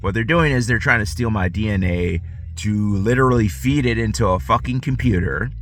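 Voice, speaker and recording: Man, lowish voice, agitated profane rant, rambling with restarts, casual to camera. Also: a little fast, a bit bright, faint music behind. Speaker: vlogger.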